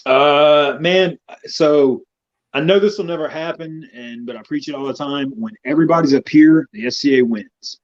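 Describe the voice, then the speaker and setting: A man's voice: a little high, normal speed. A man with a Southern accent, a guest knight in casual chat, talking bluntly and profanely with lots of energy. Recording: dull lo-fi sound.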